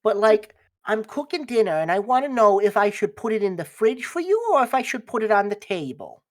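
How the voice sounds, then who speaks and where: A woman's voice: medium pitch, very animated, fairly quick, voice pushed up, natural voice. A woman voicing a sweet, fretting mother who calls her son dearie. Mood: doting. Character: doting, fussy mother of a teenage boy.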